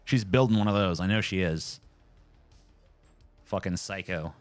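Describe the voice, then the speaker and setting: A man's voice: sits low, unhurried, no room sound, faint music behind. A man streaming live from home, chatting casually and ranting with lots of swearing. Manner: animated, profane, ranting.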